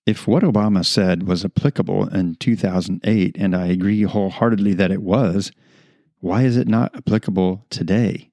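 Gravelly low-voiced male podcast host. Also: steady tone, mellow, no room sound. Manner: earnest, measured, asks rhetorical questions. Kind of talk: opinion podcast monologue.

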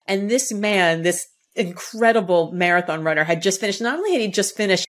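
A woman from the area, a guest on a podcast, telling a personal story in a lively way and acting out the quotes. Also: fairly quick. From Boston area, United States. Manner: lively, acts out quotes with shifting pitch. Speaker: podcast guest, author and speaker. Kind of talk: animated storytelling in conversation.

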